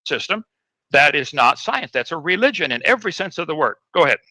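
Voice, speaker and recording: A man's voice: fairly high pitch, very animated, brisk, bright, forceful tone, no echo, low-quality recording. A man arguing insistently and dismissively in a recorded debate. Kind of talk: debate argument.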